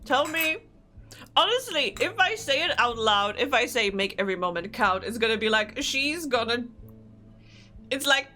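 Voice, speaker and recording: A young woman streaming a game live, chatting casually, excitable and often laughing. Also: sits high, a little slow, long pauses, faint music behind.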